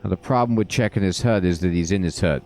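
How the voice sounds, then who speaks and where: A man's voice: sits low, fast, a little mellow, soft background music. A man casually commenting while playing a game and reading out its dialogue. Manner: mumbling, reading dialogue aloud. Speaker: let's play gamer.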